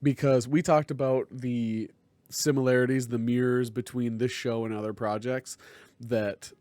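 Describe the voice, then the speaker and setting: Man, podcast co-host, mid-pitched, reflective, hunts for words, dry close sound. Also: steady tone, unhurried, a little mellow, no room sound. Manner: thoughtful, searches aloud for the right word. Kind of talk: casual review chat.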